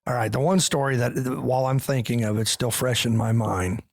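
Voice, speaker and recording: A man's voice: medium pitch, a little fast, vocal fry, dry recording. A man hosting a podcast, an army veteran animatedly telling old service stories in casual chat. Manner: animated storyteller, laughs through anecdotes.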